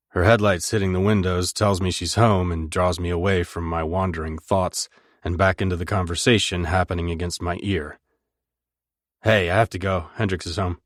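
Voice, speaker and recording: A man narrating a first-person romance audiobook in a low, intimate, measured way, close to the mic. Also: no room sound.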